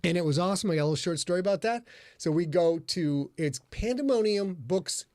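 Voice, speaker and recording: A man with a somewhat high voice hosts a casual podcast. He tells stories with lively energy and plenty of swearing, sometimes shouting out other people's lines. The room sounds dry. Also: brisk, dry recording. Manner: animated, profane, does loud voices in anecdotes. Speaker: podcast host. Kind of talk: casual chat, storytelling.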